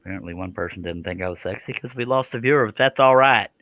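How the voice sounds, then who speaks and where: A man's voice: fairly low pitch, quick pace, phone-quality sound. A man hosting a casual woodworking live stream from his workshop, joking about himself and reading viewer comments aloud. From Texas.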